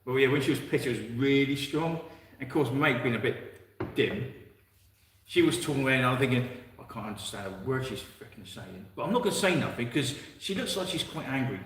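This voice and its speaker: A man's voice: mid-range voice, a little fast, a bit bright. A man telling casual stories on a livestream. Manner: easygoing storyteller. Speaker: stream co-host. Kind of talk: casual chat. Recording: echoey room, far from mic.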